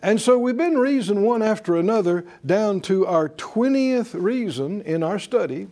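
A man's voice: sits high, expressive, moderate pace, warm tone. A man teaching a Bible class in sermon style, folksy, with chuckles and rhetorical questions. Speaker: preacher and teacher.

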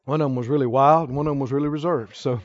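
A man preaching a sermon, telling stories with big swings from quiet asides to near-shouts. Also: mid-range voice, fairly even intonation, very fast, muffled recording.

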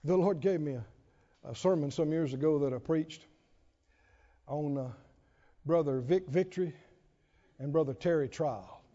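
A man's voice: fairly high pitch, unhurried, long pauses, mellow. A male pastor preaching a sermon to his congregation, telling a humorous story with animation and calling for responses. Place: church sanctuary with congregation. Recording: dull reverberant church recording.

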